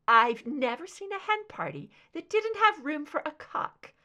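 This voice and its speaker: A woman doing a soft, wistful older mother. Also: high-pitched, big pitch swings, unhurried, pitched above the performer's own voice, heavily acted. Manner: soft, wistful, tired yet warm.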